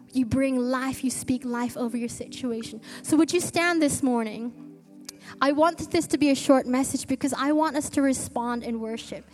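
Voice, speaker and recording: In a church hall, a woman with a high, slightly mellow voice preaches a sermon, telling an earnest story and eagerly restarting her lines. Long reverb and faint music fill the recording.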